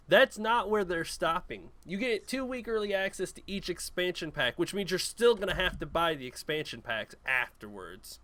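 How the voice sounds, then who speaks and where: A man's voice: high-pitched, expressive, normal speed, few pauses, sharp tone, no room sound. Rambling, exasperated podcast guy. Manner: exasperated, rambling complaints with many fillers. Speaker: gaming podcast co-host. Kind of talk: casual chat.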